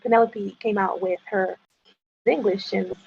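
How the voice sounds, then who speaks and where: A woman guest in a casual chat who talks in halting bursts with many restarts and likes to tease. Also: medium pitch, steady tone, creaky, darkish tone, slightly rough. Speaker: interview guest. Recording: dull lo-fi sound.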